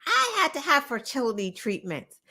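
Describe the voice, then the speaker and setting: A woman's voice: high voice, huge pitch swings, normal speed, sharp tone. A woman hosting a show, giving opinionated political commentary in an impassioned, profane way, firing off rhetorical questions. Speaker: show host.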